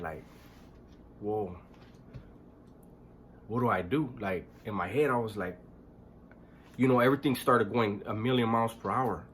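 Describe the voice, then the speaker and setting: Low-voiced man telling a hard story. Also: a bit bright, a little hiss or hum. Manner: low-key, halting, frequent restarts and throat clearing; blunt, swears freely. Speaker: storyteller recounting his past. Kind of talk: casual spoken storytelling.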